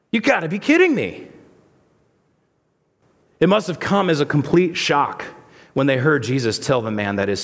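The long reverb of a big hall surrounds this man as he preaches. His voice is a little high, and his sermon is conversational, full of rhetorical questions.

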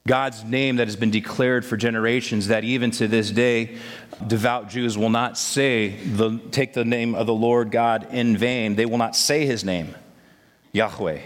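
A man preaching a sermon, telling the story in a lively way and acting out the voices of the people in it. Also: mid-range voice, unhurried, big-room sound. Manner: animated storytelling, acts out voices of disciples.

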